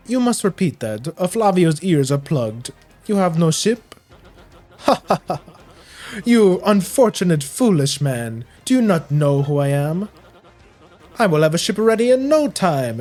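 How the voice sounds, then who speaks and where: A man's voice: fairly high pitch, darkish tone. A man voicing a vain, flamboyant male merchant with a put-on Spanish accent, reading a game's dialogue aloud. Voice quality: flamboyant, grandiose, dramatic.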